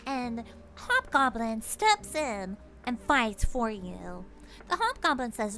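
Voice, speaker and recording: Woman, streamer, playful storyteller, giggly, higher voice, faint background music. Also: takes it slowly. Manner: animated, giggly, playful second-person storytelling. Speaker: streamer telling stories to chat. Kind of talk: casual livestream storytelling.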